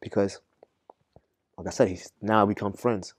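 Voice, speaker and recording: A young man from Boston telling a story as a podcast guest, in an animated, slangy way that gets loud as the story builds. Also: lowish voice, a little slow, dry recording. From Boston, Massachusetts. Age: young adult. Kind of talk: casual storytelling.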